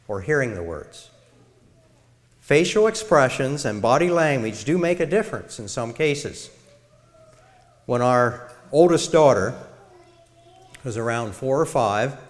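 A middle-aged man giving a sermon-style talk to a church congregation in a measured way, illustrating his points. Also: mid-range voice. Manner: measured, demonstrates tones of voice. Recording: long reverb of a large hall.

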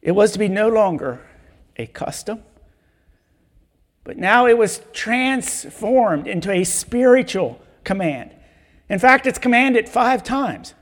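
High-voiced man preaching in a reverberant hall. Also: lively intonation. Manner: measured Bible reading, emphatic repetition. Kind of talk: sermon.

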